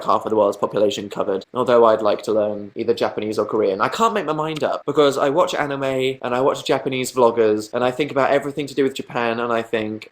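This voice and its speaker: Rambling young man chatting to a live chat. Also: medium pitch. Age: young adult. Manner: rambling, self-mocking, swears freely, breaks into laughs. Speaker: YouTuber answering live chat. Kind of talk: casual live-stream chat.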